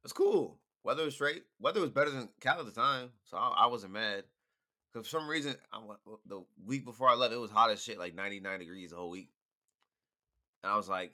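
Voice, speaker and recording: Young man, tipsy, very deep voice, edgy bright tone, slangy, teasing. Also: a little fast. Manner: laid-back slang, teasing and apologetic. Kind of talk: casual chat.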